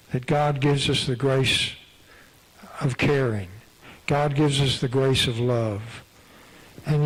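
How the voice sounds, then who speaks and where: A man's voice: on the high side, low-quality recording. A man preaching a sermon in a church, conversational and repetitive, with frequent restarts. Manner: conversational, repeats phrases, many restarts. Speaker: pastor. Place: church sanctuary.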